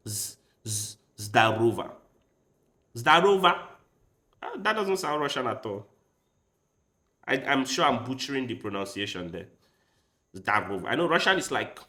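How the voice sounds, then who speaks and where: Guy streaming chess, bright forceful voice, just talking to chat and sounding out foreign words. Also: mid-range voice. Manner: thinks aloud, tries out foreign words. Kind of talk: casual live-stream chat.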